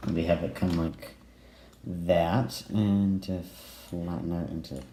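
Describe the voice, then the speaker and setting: A man giving casual let's play commentary while he builds, musing and halting with many pauses and fillers. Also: deep voice, steady tone, warm tone. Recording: echoey room, faint noise.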